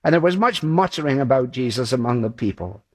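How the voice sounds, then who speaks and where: A man's voice: mid-range voice, expressive, brisk, darkish tone. A man preaching a sermon, walking through a Bible passage in a conversational way and acting out the quoted voices.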